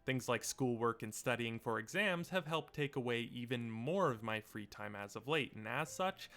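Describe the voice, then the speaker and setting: A man's voice: mid-range voice, expressive, normal speed, a bit bright. Earnest young man narrating a voice-over. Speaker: video essay host. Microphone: home mic setup.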